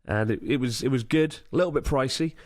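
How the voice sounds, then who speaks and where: A man's voice: mid-range voice, fast talker, dry recording, studio quality. A man co-hosting a podcast, chatting casually and telling anecdotes in a loose, conversational way. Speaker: podcast co-host. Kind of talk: casual chat.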